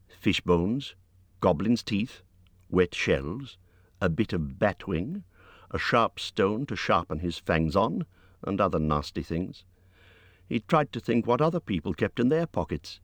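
A male narrator reads the story aloud in a measured, expressive way. His voice sits very low and deep. The sound is close and dry, with no room around it. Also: no echo. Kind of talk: scripted audiobook narration.

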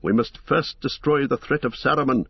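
A man voicing a stern, wise old male wizard with a husky voice, giving measured, grave counsel in a storybook reading. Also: medium pitch, no echo, highs cut off.

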